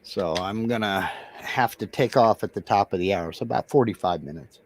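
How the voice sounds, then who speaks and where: A man's voice: lowish voice, normal speed. A man chatting casually with a friend, easygoing and dryly joking. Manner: easygoing, dry humor. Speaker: friend keeping the host company. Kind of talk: casual chat.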